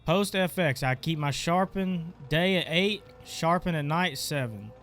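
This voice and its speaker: Stuffy, offhand man with a smooth voice. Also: a little high, lively intonation, unhurried, fairly bright tone. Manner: offhand, talks while clicking through settings. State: stuffy, congested. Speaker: gaming channel host. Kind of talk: casual screen-recorded tutorial.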